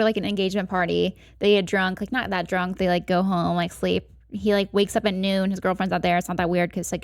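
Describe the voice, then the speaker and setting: A woman's voice: mid-range voice, gravelly, no room sound, studio quality. A woman guest on a podcast, casually retelling a story with lots of "like" fillers and swearing. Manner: heavy "like" fillers and frequent swearing.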